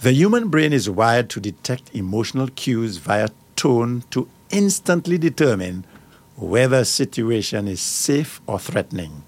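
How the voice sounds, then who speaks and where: A man's voice: medium pitch, sing-song, measured pace. A middle-aged man hosting a radio talk show. He reads out points and breaks off into firm personal asides.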